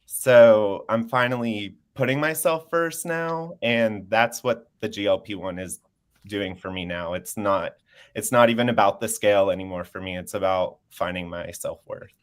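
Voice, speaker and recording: A man's voice: fairly low pitch, normal speed, clean tone. A man in his twenties, a panel guest sharing his story in casual chat over a video call, earnest and open, laughing easily. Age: 20s.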